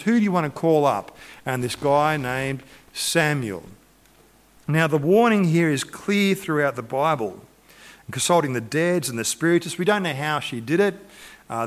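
Lively man preaching a story sermon. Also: a little high, normal speed. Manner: animated storytelling, acting out quotes. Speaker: pastor.

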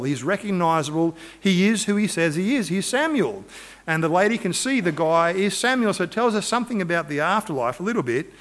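A man preaching a sermon, retelling a Bible story in an animated, storytelling way and acting out the quotes. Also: fairly high pitch. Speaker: pastor.

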